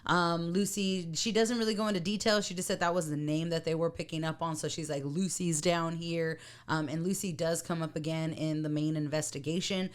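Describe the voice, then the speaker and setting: A woman co-hosting a casual podcast, telling the story of a TV episode with frequent laughter. Her voice sits a little low for a woman, and she acts out the people she quotes. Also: fairly even intonation, a little fast, few pauses. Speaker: podcast co-host. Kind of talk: casual chat recapping a TV episode.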